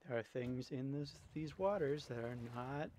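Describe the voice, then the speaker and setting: A man's voice: medium pitch, moderate pace, warm tone, a little hiss or hum. A man giving let's play commentary, jumpy and swearing when startled, slipping into accents when scared. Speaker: gaming video creator.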